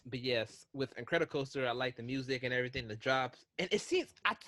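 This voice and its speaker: A man co-hosting a casual podcast, telling excitable, rambling stories with frequent restarts. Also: mid-range voice, fairly quick, no room sound, studio quality. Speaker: podcast co-host.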